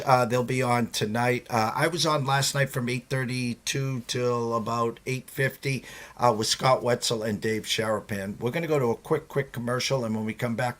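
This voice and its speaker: A man's voice: mid-range voice, fairly even intonation, moderate pace, fairly bright tone. A man hosting a sports betting talk show, chatting in an easygoing way and reading ads. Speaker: host. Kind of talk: casual chat and ad read.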